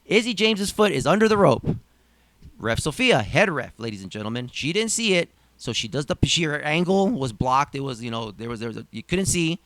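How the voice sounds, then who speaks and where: Animated man recapping with mock drama. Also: a little high, fairly quick, no room sound. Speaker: podcast host. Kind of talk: casual podcast chat.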